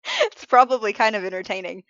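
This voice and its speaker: Tired woman streamer, casual and self-interrupting, a little higher voice, dry lo-fi mic sound. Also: wildly swooping pitch, brisk, a bit bright, no room sound. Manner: rambling, self-interrupting, frank about being emotional. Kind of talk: casual live-stream chat while drawing.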